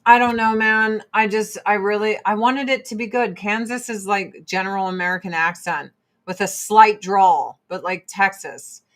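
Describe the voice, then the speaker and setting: A woman in her forties chatting casually and profanely on a livestream, answering chat between product pitches. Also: fairly even intonation, moderate pace, a bit bright. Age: 40s. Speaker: livestream host and Avon seller.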